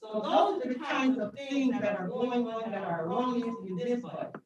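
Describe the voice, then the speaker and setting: A woman's voice: a little high, moderate pace, distant mic. A woman council member speaking firmly at a council meeting, raising pointed objections. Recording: echoey chamber from afar, dull sound, crowd behind.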